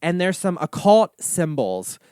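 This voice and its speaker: A man's voice: high voice, a little slow, clear, resonant tone, no room sound, clean studio sound. A man hosting a comedy reaction monologue, ranting sassily and swearing often. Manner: sassy, animated ranting with frequent swearing. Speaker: host.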